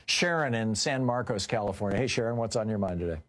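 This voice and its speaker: A man's voice: fairly low pitch, expressive, quick pace. A man hosting a call-in radio talk show, chatting with callers and moving the show along. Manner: conversational, fillers, moves calls along.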